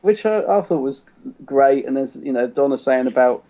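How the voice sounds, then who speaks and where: A man's voice: medium pitch, animated, fairly quick, warm tone. A man co-hosting a podcast, chatting casually about an episode, rambling with lots of "you know" and restarts. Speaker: podcast co-host. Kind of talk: casual chat reviewing an episode.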